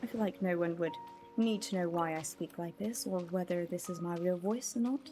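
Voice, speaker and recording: A woman's voice: on the low side, fairly quick, mellow, soft background music. A woman streamer chatting casually with her chat while gaming, musing and talking straight to them.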